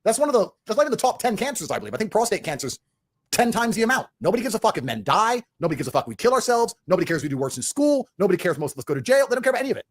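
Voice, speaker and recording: Rapid, ranting man with a husky voice. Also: high-pitched, sing-song. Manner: ranting, profane, repetitive declarations. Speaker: interview guest. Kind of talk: heated interview monologue.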